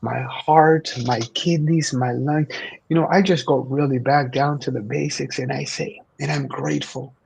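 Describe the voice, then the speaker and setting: Earnest middle-aged man with husky voice. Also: mid-range voice, steady tone, moderate pace, a little mellow. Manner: earnest, repeats words when starting phrases. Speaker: podcast guest. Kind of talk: motivational conversation.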